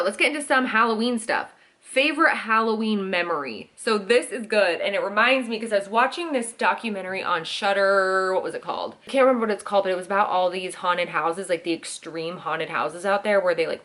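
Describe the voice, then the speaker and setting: A vlogger host in her thirties, this woman has a mid-range, slightly bright voice. She chats casually while answering Q&A questions, using many "like"s and performing quotes as she tells them.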